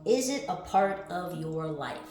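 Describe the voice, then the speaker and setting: A woman giving a spiritual card reading who swings between calm, musing questions and loud, fired-up exclaiming, reading affirmations aloud and swearing casually. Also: on the low side, unhurried. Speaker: tarot reader. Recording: echoey room with faint music behind.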